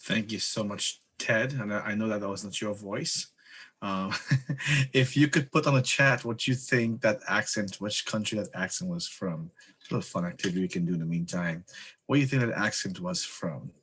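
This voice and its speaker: A man hosting an online community meeting, introducing speakers in a relaxed, chuckling way. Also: on the low side, a little fast, slightly rough. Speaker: meeting host. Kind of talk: casual meeting moderation.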